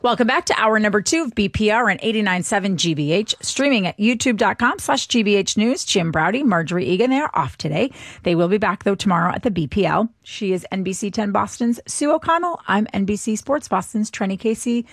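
A woman's voice: mid-range voice, animated, brisk, dry recording. Woman co-host, casual radio banter, dry close studio sound. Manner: joking, conversational. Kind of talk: casual talk radio chat.

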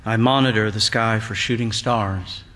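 An older man reading a literary story aloud in a quiet, reflective narrating voice. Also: on the low side, steady tone, normal speed. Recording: long hall reverb.

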